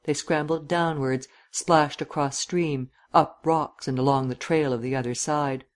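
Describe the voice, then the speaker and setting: A man narrating a literary audiobook in a measured, descriptive reading. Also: on the high side, fairly even intonation.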